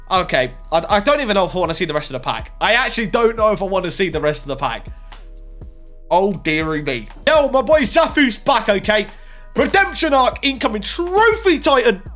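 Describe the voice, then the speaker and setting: A young man hosts a pack-opening gaming video with a lively, bouncing voice. He jumps from excited shouts to drawn-out groans. Faint music plays underneath. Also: high voice. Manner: excitable, swinging between hype and groans. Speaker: gaming YouTuber.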